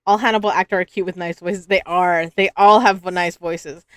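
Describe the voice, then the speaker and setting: A woman's voice: lowish voice, steady tone, moderate pace, fairly bright tone, smooth, dry recording. A woman in her twenties streaming and chatting casually, giggly and full of restarts, her throat dry and scratchy. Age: 20s. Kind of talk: casual live-stream chat.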